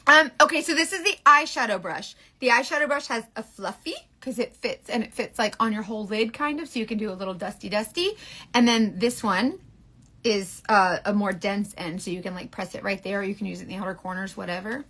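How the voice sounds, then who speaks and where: A woman's voice: mid-range voice, a little fast, pushed and bright. A woman in her forties hosting a casual live makeup stream, chatty, rambling and candid with her viewers. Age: 40s. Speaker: beauty livestream host.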